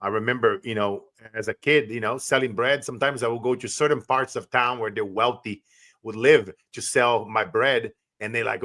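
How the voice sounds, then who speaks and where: A man's voice: medium pitch, fairly even intonation, normal speed, bright, forceful tone. Male host. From Brazil. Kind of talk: casual interview chat.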